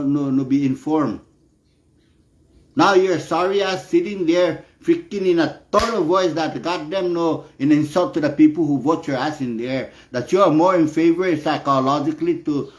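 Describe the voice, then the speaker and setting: A man delivering a heated, profane political rant, peppering his speech with "no" as a filler. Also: a little high. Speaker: political commentator. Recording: echoey room.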